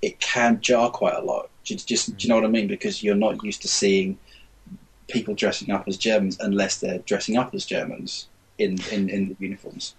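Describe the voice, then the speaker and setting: A man's voice: lowish voice, level tone, normal speed, a little hiss or hum, low-quality recording. A man hosting a casual film discussion podcast, thoughtful and hesitant with many restarts. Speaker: podcast host.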